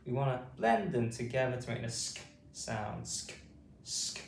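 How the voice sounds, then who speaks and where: A man with a British accent teaching phonics, drawing words out slowly and saying each sound with exaggerated care. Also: medium pitch. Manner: lively, sing-song, exaggerated pronunciation. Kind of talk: slow, drawn-out phonics teaching. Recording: echoey room, distant mic, faint noise.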